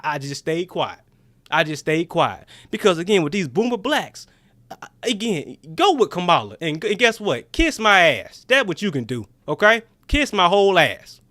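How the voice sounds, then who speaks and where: A man's voice: on the high side, a bit bright, dry recording. A man in his twenties from Jackson, Mississippi, ranting defiantly about politics on a casual livestream and often repeating himself. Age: 20s.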